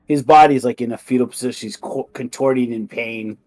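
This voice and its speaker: A young man narrates a horror tabletop game as game master, pausing often and restarting his sentences. His voice sits at an ordinary middle pitch and sounds dry and close to the mic. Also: steady tone, a little mellow, no room sound. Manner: hesitant, many ums and restarts.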